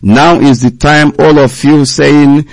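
A man's voice: a little high, steady tone, takes it slowly, no echo, low-quality recording. A man presenting a live radio broadcast, speaking in a declamatory, emphatic way.

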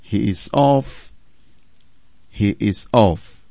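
Man, radio phone-in host, firm, insistent, low voice, dry close sound. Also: drawn-out words, gravelly, dark tone, no echo. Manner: firm, insistent, repeats prompts to callers. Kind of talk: radio call-in show hosting.

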